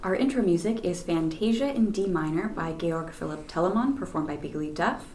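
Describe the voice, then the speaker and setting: A woman's voice: fairly low pitch, animated, a little fast, darkish tone, a little hiss or hum. A Canadian woman co-hosting a podcast in casual, matter-of-fact chat. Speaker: podcast co-host.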